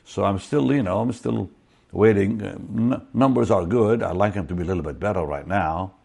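A man's voice: low voice, moderate pace, creaky, dark tone, breathy edge. A man preaching an online Bible teaching, quoting scripture and talking in a conversational way with frequent restarts.

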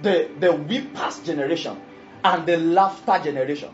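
A preacher delivers an emphatic sermon in a mid-range voice at a moderate pace, repeatedly asking the congregation whether they follow. Soft music plays underneath, and the lo-fi recording sounds dull.

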